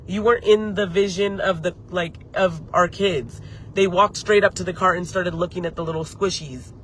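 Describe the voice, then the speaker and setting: A woman's voice: lowish voice, moderate pace, a little hiss or hum. A woman hosting her channel, telling a story live to viewers in a heated, profane way and stopping to answer chat comments. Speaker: beauty channel host. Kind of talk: live-streamed story time.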